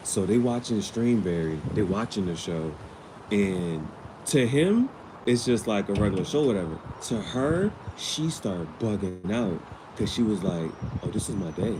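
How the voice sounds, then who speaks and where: A man's voice: fairly low pitch, very animated, measured pace. Slangy man rambling outdoors over traffic. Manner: slangy, rambling storytelling with restarts. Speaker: vlogger. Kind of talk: casual recap of a TV episode.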